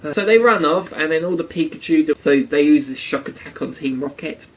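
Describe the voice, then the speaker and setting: A man's voice: on the high side, a little fast, poor audio. A man giving sarcastic casual commentary on a cartoon episode. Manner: sarcastic, acts out quotes in silly voices. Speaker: anime reviewer.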